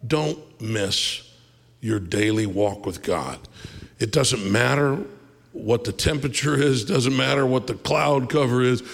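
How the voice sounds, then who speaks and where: A male pastor with a gravelly edge to his voice preaches in an easy, conversational way, now and then jumping up with energy. His voice carries a long echo from a large church hall. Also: medium pitch, measured pace. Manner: animated, conversational preaching with asides and laughs. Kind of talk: sermon. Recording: reverberant hall.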